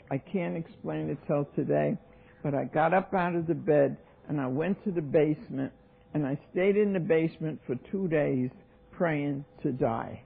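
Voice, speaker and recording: Woman in her seventies, New York accent, husky and gravelly, AA speaker, tinny old tape recording. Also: low-pitched, moderate pace. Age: 70s. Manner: storytelling, acting out voices, emphatic. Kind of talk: recovery talk, personal story. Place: meeting hall.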